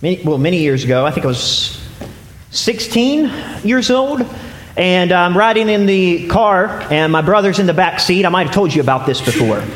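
A man's voice: high-pitched, expressive, normal speed, fairly bright tone, slight background noise. A young man preaching a sermon, telling a story and asking the congregation questions. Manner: storytelling, asks the audience questions. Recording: echoey hall with long reverb.

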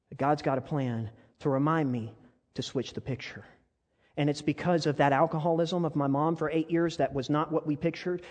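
A male preacher with a fairly high voice delivers his sermon with passion, at times sinking into hushed, personal tones. His words trail off into the long echo of a large sanctuary. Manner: impassioned storytelling that drops to soft, intimate tones. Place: church sanctuary. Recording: long reverb of a large church hall.

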